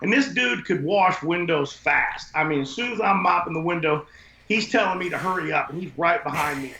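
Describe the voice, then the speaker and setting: On an echoey, dull lo-fi recording with a little hiss or hum, a man talks fairly quickly in a slightly high, bright, forceful voice. A window cleaning business owner appearing as a podcast guest, he tells casual, blunt, profane stories that ramble from point to point.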